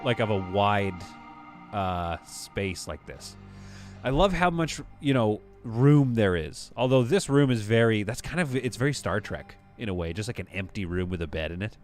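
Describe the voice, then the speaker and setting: A man rambles through live-stream commentary over a management game, talking to his chat in a loose, easygoing way. His voice sits at an ordinary middle pitch. Faint music plays underneath. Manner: chatty, rambling, reads chat aloud.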